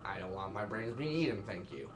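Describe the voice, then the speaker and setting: A man's voice: fairly low pitch, lively intonation, fairly quick. A young man giving rambling, self-mocking let's-play commentary and laughing at his own jokes. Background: game music.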